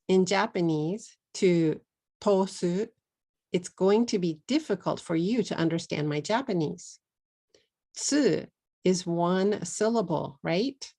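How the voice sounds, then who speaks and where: Woman, Texan accent, middle-aged, gravelly, lowish voice, online English lesson. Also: darkish tone. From Texas, USA. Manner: slow, deliberate explaining, slipping into Japanese at times. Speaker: English teacher.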